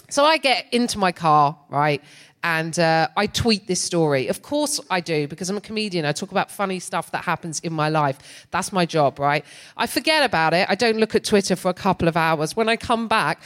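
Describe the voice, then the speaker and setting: A middle-aged woman performing stand-up comedy on a theatre stage, telling a story with a sardonic, animated delivery and laughing between lines. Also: fairly low pitch.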